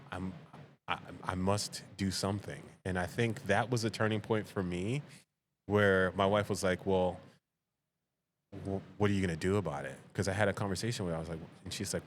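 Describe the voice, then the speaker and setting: A man, a veteran and father, guesting on a casual podcast and telling animated stories that act out family dialogue, laughing often. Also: deep voice, slight background noise.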